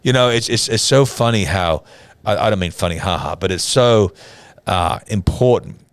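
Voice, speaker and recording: Deep-voiced man telling a dramatic story. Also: animated, normal speed, no room sound. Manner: dramatic storyteller, acts out quotes. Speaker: church podcast co-host. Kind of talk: casual storytelling chat.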